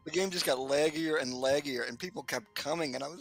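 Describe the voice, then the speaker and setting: A man's voice: on the high side, brisk, hardly any pauses, a bit bright. A man in casual chat during a game stream, rambling and joking with frequent laughter. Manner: jokey, rambling, laughs often.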